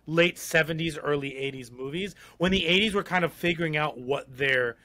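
A man co-hosting a podcast, talking in a loose, rambling way with plenty of fillers. His voice sits a little on the high side, and he states his views bluntly. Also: moderate pace, pushed and bright. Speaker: podcast co-host. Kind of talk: casual chat.

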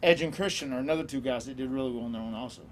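A man's voice: medium pitch, racing, slight background noise. A man in his forties, a guest on a live online auction show, telling stories in an easygoing way and laughing often. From American South. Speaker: guest wrestler. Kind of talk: casual chat.

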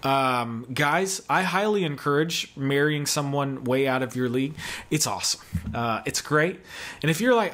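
A man's voice: fairly high pitch, normal speed, fairly bright tone. A man in his thirties from the American South, giving a casual, joking video sermon as a guest pastor. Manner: jokey, chatty, self-deprecating.

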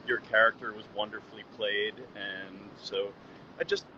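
A man's voice: fairly low pitch, steady tone, moderate pace, pushed and bright. A man joining a live video call from outdoors, speaking earnestly and thanking the host. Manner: earnest, grateful. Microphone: phone on a video call. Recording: muffled noisy outdoor call.

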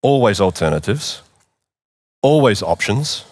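A man's voice: fairly low pitch, sing-song, unhurried, darkish tone. A middle-aged man preaching in church, earnest and repeating phrases for emphasis. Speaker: pastor. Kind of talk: sermon.

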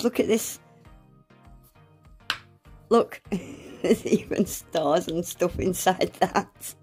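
Her voice sits in the mid-range with a somewhat dark tone as this young nail art vlogger opens gifts on a casual vlog. Frequent gasps and exclamations fill the clip, along with offhand swearing.

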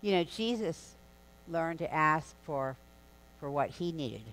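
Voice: mid-range voice, animated, slow, fairly bright tone, rough recording. A preacher giving a sermon in a church, in a conversational, storytelling delivery with casual asides. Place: church sanctuary.

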